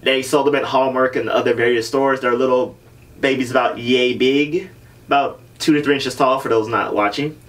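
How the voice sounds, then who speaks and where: A man's voice: medium pitch, fairly even intonation, normal speed, fairly bright tone, far from the mic. A man hosting a podcast, joking and riffing in casual banter with his co-host.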